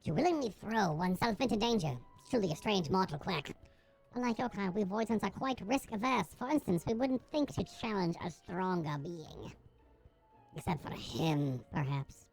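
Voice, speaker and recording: A woman voicing a gravelly little void creature. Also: mid-range voice, animated, normal speed, a little mellow, soft background music, rough recording. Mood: solemn. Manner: formal, archaic storytelling speech. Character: small risk-averse void creature.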